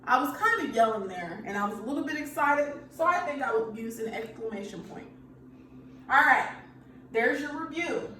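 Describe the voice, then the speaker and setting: Woman teacher, higher voice, patient and repetitive, very echoey room, some distance from the mic. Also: animated, moderate pace, sharp tone, a little hiss or hum. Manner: patient, repeats okay after each point. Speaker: elementary school teacher. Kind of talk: recorded remote grammar lesson.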